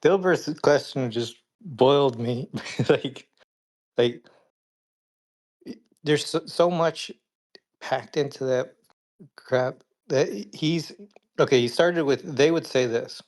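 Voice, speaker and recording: A man's voice: medium pitch, slow pace, long pauses. A man co-hosting a reaction stream, picking apart an interview in an exasperated, analytical way with rambling restarts. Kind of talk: casual reaction commentary.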